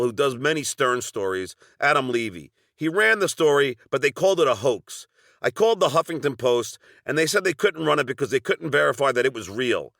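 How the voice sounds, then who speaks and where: A man's voice: mid-range voice, creaky, pushed and bright, no echo, studio quality. A middle-aged man with a Long Island accent narrating a personal story from a script, with wry, sardonic asides.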